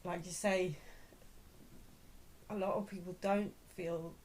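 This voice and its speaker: A woman's voice: lowish voice, fairly even intonation, slow, a little mellow, a little hiss or hum. A woman chatting casually at home as a vlog co-host, often trailing off and laughing. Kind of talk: casual chat.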